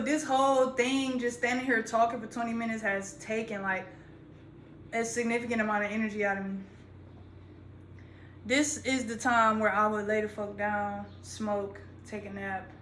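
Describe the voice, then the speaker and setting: A woman's voice: on the high side, fairly bright tone, slight background noise. A young adult woman, a content creator, talking straight to her phone in a rambling, profane, slang-heavy vlog monologue. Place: indoors, standing while talking. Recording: echoey room.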